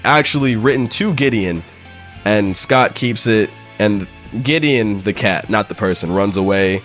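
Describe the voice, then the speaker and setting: A man's voice: medium pitch, fairly bright tone. A man recapping a story in a casual, slangy, profane way. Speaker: comic book summarizer.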